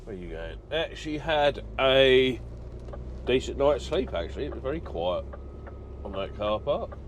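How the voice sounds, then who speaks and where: A man's voice: medium pitch, sing-song, unhurried, slight background noise. A middle-aged man, chatting casually in a trucker vlog, rambling with lots of ums and uhs. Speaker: truck driver vlogger.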